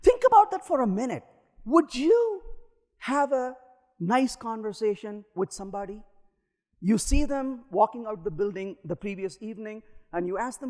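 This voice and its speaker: A man's voice: sits high, expressive, moderate pace, a little mellow. A man giving a live technical conference talk while coding, acting out little dialogues with the compiler in different voices. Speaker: conference speaker. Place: large conference hall. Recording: long hall reverb.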